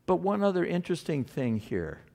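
A man preaching a sermon, animated, rising and dropping sharply for emphasis. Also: fairly high pitch, normal speed, vocal fry. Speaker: pastor.

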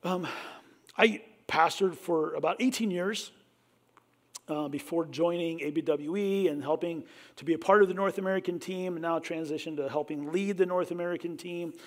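High-voiced preaching pastor. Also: male voice, moderate pace. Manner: emphatic preaching, often dropping to a hushed tone; repeats "listen" to address the congregation. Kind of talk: sermon.

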